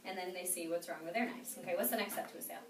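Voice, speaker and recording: Rapid-fire and on the low side, a young woman coaches a group of sales trainees, peppering them with "okay?" in an upbeat way. It's a training room with a noisy background, lots of echo, and the mic placed far away.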